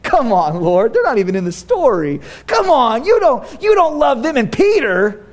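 A man's voice: very high voice, huge pitch swings, moderate pace, a little mellow, full character voice. A man voicing a grown male disciple who whines and pleads to be the favorite, comically petty. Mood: pleading.

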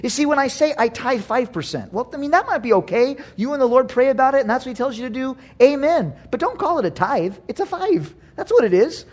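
High-voiced preaching man, animated. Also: quick pace, hardly any pauses. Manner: animated preaching with acted-out quotes, swinging from loud to hushed. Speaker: pastor. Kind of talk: sermon.

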